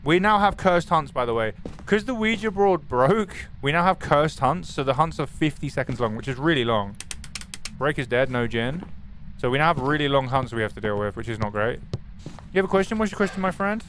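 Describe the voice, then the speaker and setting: A young man streaming a horror game, talking to his chat in an excitable, swearing manner. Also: fairly high pitch, brisk, slight background noise. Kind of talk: live gaming stream commentary.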